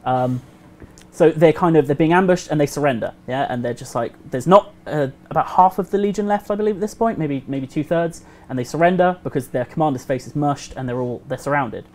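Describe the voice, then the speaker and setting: A man telling a history story casually on a game developer livestream, animated and acting out the quotes. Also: fairly high pitch, brisk. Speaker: community host.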